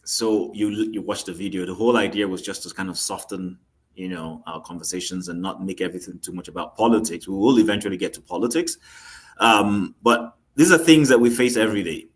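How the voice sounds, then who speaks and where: A man's voice: low-pitched, brisk. A man hosting a panel talk show, moderating with many ums and conciliatory asides. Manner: hesitant, full of ums, conciliatory.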